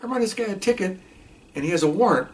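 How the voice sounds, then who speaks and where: A flustered motorcycle cop explains himself in a quick, slightly raised voice, as an older storyteller puts him on. He talks in hurried, broken phrases, and the sound comes from a distance. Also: sits high, expressive, pitched above the performer's own voice. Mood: explaining.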